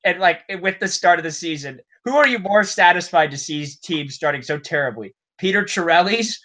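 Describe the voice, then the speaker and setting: A man's voice: fairly high pitch, animated, normal speed, bright, forceful tone. A man co-hosting a casual hockey podcast, bantering with laughs and quoting stats. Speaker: podcast co-host.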